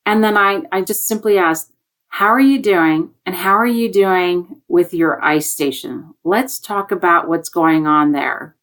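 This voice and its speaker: Animated woman telling a story. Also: on the low side, unhurried. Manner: animated, acts out quoted voices. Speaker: education guest on a panel. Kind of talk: conversational storytelling.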